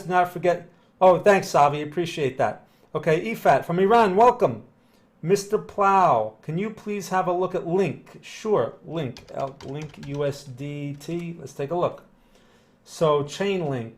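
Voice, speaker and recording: Casual, rambling male market host. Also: a little high. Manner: casual, rambling, with frequent tag questions; reads and greets viewers. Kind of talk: live-stream chart analysis.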